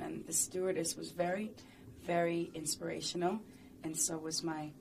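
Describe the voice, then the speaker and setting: A woman's voice: lowish voice, background noise. A woman talking casually and playfully in an interview, rambling and chatty with lots of fillers.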